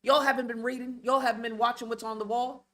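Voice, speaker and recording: A man's voice: very high voice, level tone, quick pace, pushed and bright. A man delivering a heated, profane monologue rant as a channel host, blunt and repetitive, lecturing his listeners.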